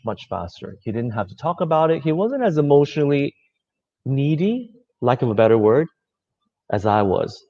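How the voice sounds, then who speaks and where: Gentle, reflective man, slightly muffled audio. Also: mid-range voice. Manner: gentle, conversational, many fillers. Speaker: speaker giving a talk. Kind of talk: reflective talk.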